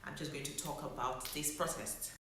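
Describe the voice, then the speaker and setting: A woman's voice: very deep voice, fairly even intonation, moderate pace, bright, forceful tone, slight background noise. A young woman, a doctor, telling her own story in a reflective way and holding back emotion. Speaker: medical doctor. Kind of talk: personal vlog storytelling. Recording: very echoey room.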